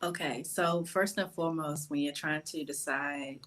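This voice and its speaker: A woman with a low voice speaks as a publishing consultant, laying out steps firmly and hitting key points hard. She talks in an instructive, punchy way over a video call. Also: fairly even intonation, moderate pace, fairly bright tone, low-quality recording. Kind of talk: giving advice on a panel.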